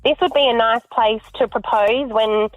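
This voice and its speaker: A woman's voice: fairly high pitch, steady tone, moderate pace, no echo. Woman caller on a tinny phone line. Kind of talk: phone-in story.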